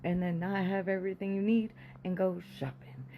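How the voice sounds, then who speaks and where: A woman's voice: mid-range voice, normal speed, narrow, tinny audio, slight background noise. A woman telling a casual storytime monologue, blunt, profane and candid, sometimes dropping suddenly into a whisper. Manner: animated, with sudden drops to a whisper.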